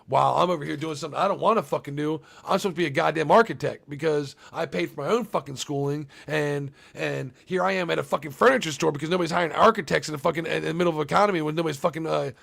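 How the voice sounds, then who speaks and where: A man's voice: fairly high pitch, very fast, gravelly, few pauses, fairly bright tone. A young man recapping a movie on a casual live stream, rambling and swearing often and talking to his chat. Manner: profane, rambling, talks to chat.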